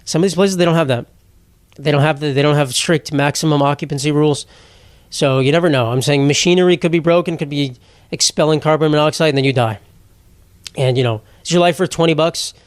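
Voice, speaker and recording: Rambling, sarcastic young comedian, dry close sound. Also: male voice, fairly high pitch, a little fast, no room sound. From New York. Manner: rambling, sarcastic, swears freely, laughs at own jokes. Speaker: podcast host, comedian. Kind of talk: solo comedic podcast monologue.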